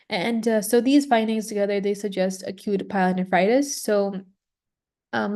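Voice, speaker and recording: A woman's voice: mid-range voice, darkish tone. A woman tutor walking through a medical exam question in a recorded online lesson, explaining casually with frequent fillers and restarts.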